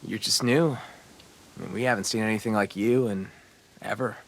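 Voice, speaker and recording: A man's voice: lowish voice, steady tone, normal speed, gravelly. A man voicing a confident, guarded teenage boy who leads a school group in a video game. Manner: easygoing, welcoming.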